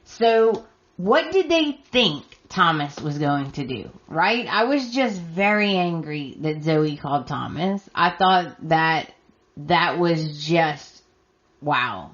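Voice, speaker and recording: A woman hosting a podcast, recapping in an emphatic, exasperated way and talking straight to her listeners, her voice hoarse and scratchy. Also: sits low, lively intonation, slow pace, fairly bright tone, dull audio. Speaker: podcast host. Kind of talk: solo recap commentary.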